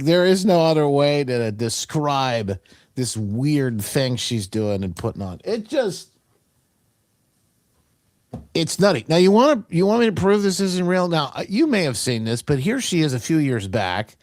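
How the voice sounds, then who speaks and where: A man's voice: a little high, measured pace, no echo, studio quality. A male talk show host giving opinionated political commentary in a mocking way, full of restarts. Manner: mocking, animated, trailing restarts.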